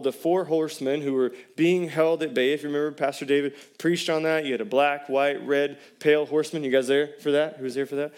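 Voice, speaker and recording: A man's voice: on the high side, a little mellow. A man, a pastor preaching a sermon in a conversational way and putting questions to the congregation.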